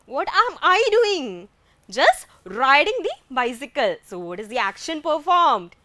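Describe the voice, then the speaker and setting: A woman's voice: high-pitched, big pitch swings, measured pace, pushed and bright, no room sound. A woman with an Indian English accent teaching a grammar lesson, asking questions and answering them herself.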